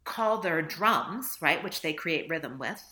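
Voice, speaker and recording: A woman's voice: deep voice, expressive, takes it slowly, sharp tone. A woman author talking reflectively in a casual interview, laughing often and acting out little dialogues. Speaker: author guest.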